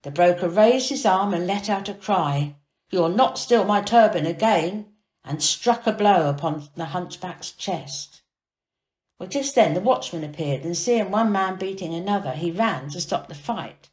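A woman reading a children's storybook aloud as storyteller, expressive and dramatic. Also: lowish voice, a little slow. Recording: echoey room.

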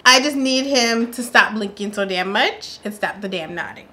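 A woman's voice: medium pitch, big pitch swings, a little slow, bright, forceful tone. A woman chatting casually as a reaction vlogger, sassy and playful, laughing often. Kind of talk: casual chat.

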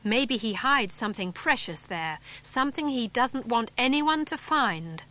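A woman's voice: on the high side, animated, unhurried, bright, forceful tone. Woman voicing an eager, urgent schoolboy. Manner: earnest and urgent. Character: eager, bright schoolboy Julian.

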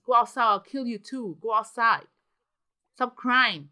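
A young woman giving casual, excitable commentary while playing a video game, gasping and exclaiming often. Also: fairly high pitch, measured pace. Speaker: gaming channel host.

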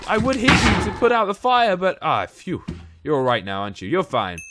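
A man's voice: sits high, huge pitch swings, brisk, over loud music. A young man from England giving chatty Let's Play commentary, talking to the characters in the game and yelping when startled. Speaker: gaming YouTuber.

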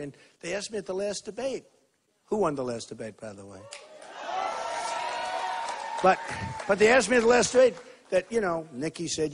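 An older man giving a campaign rally speech, repeating himself and swinging between loud shouts and low asides. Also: big pitch swings, fast, slight background noise. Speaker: political candidate at a rally. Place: school gym hall with a crowd.

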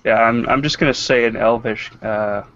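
A man's voice: medium pitch, steady tone, moderate pace, fairly bright tone, no room sound, lo-fi sound. A man playing in a tabletop game, cautiously describing his actions and speaking briefly in character. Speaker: player. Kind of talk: casual tabletop game play.

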